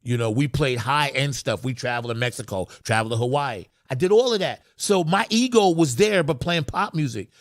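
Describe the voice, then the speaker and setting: A man who plays funk music, telling stories about his career in an emphatic, animated way that rises into excited bursts. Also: medium pitch, brisk, few pauses, no echo, clean studio sound. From Long Island, New York. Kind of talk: animated storytelling.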